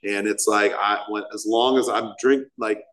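Guy sharing his story at a meeting, kinda low voice, lots of "like", laughs at himself. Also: steady tone, normal speed, fairly bright tone, low-quality recording. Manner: rambling, casual, self-mocking, full of "like". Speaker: speaker at a recovery meeting. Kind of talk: personal story told to a group. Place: meeting hall.

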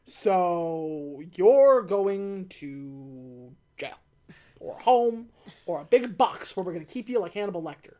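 Animated woman retelling a film. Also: lowish voice, takes it slowly. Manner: animated retelling, quotes characters, laughs while talking. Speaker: podcast co-host recapping a film. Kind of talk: casual chat.

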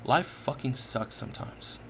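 A man's voice: unhurried, a little hiss or hum. A man hosting a podcast, talking earnestly and emotionally about depression, restarting sentences often and swearing freely. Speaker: podcast host. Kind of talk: heartfelt personal monologue.

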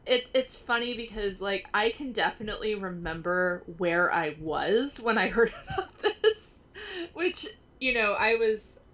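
Bright-voiced rambling woman podcaster. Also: mid-range voice, sing-song, unhurried, dull audio. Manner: rambling, self-interrupting, laughs often, swears casually. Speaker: podcast co-host. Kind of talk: casual podcast chat.

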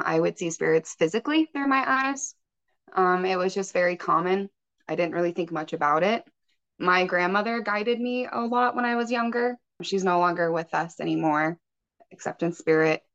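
On a podcast with muffled, lo-fi audio, a woman who works as a spiritual healer recounts her own story casually. Her voice is fairly low and a bit bright, her speed normal, and she fills her speech with plenty of "like" and "um."

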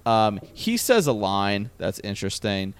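A man co-hosting a film podcast, excitable and laughing, full of "like" and "um". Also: fairly low pitch, a little slow, smooth, no echo. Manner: laughing, excitable, lots of fillers. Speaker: podcast co-host. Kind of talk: casual film chat.

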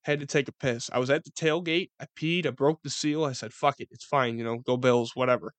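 A young man with a Western New York accent giving casual, profane sports commentary as a podcast host, rambling and excitable. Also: medium pitch, brisk, no echo.

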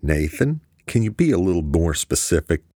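Guy doing a gruff swearing boss type, older, husky, audiobook. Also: low-pitched, very animated, normal speed, warm tone, dry recording, studio quality. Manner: gruff, cursing. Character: angry older male official on phone.

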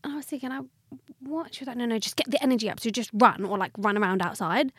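A young woman hosting a casual podcast chat, telling lively stories about auditions and acting out the voices of the people in them. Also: a little high, rapid-fire, breathy edge, no echo, studio quality. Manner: animated storyteller, acts out quoted voices. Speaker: podcast host, actor.

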